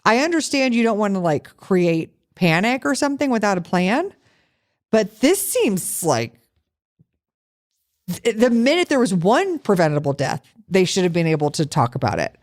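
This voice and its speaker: A woman co-hosting a podcast in loose, casual conversation. She talks with a sarcastic, profane bite and animated storytelling, her pitch sitting in a middle range. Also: moderate pace. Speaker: podcast co-host. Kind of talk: casual chat.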